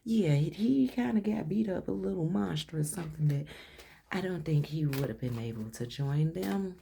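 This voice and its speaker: A woman giving a casual tarot card reading, blunt and slangy, who swears freely and sometimes swings playfully into a higher voice. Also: lively intonation, moderate pace, creaky, mellow, slight background noise. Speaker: tarot reader.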